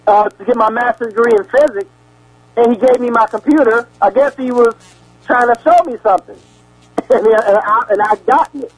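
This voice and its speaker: A man with a strikingly high voice lectures like a preacher over a radio broadcast. He rambles, restarts his sentences and repeats words, then turns to his listeners with questions. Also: rough recording. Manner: asks the audience questions. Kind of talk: sermon-style lecture.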